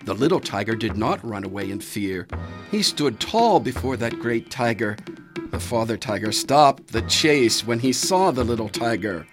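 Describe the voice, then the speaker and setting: A storyteller reading a children's animal fable in an animated, expressive way, with dramatic pauses. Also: mid-range voice, music in the background.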